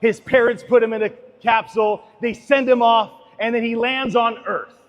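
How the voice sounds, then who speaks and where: A man giving an impassioned, sermon-like talk, swinging between loud declarations and hushed asides. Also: very high-pitched, steady tone, moderate pace, big-room sound.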